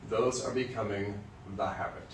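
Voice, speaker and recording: A man's voice: lowish voice, fairly even intonation, normal speed, slight background noise. A man from Western Kansas, a voice teacher, lecturing music students in a candid, joking, storytelling way. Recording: roomy sound from a distant mic.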